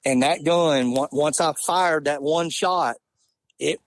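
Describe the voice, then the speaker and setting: A man, telling an animated, laughing hunting story in casual talk. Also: on the high side, slow, dry recording. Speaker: podcast guest.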